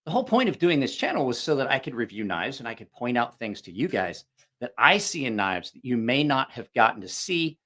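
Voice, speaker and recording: A man's voice: mid-range voice, a bit bright. A man hosting a knife review channel, chatting casually on a stream, rambling and frank, swearing freely, with many restarts. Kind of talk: casual live-stream chat.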